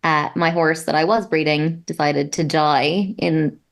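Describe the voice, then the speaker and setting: A woman's voice: deep voice, fairly even intonation, a little slow. An Irish woman, a guest athlete, chatting casually in an interview with lots of fillers. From Ireland. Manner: chatty, self-deprecating, many fillers.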